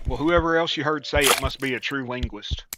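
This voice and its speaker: A man's voice: medium pitch, a little fast, noisy background. A man live-streaming a game, chatting casually with crude, teasing banter and folksy slang. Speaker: streamer playing a fishing game.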